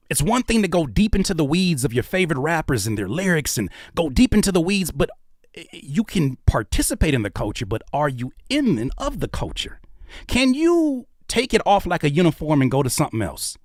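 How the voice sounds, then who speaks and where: A man's voice: a little high, sing-song, a little fast, no echo, studio quality. A man in his thirties giving heated, preachy reaction commentary on video clips, swearing freely.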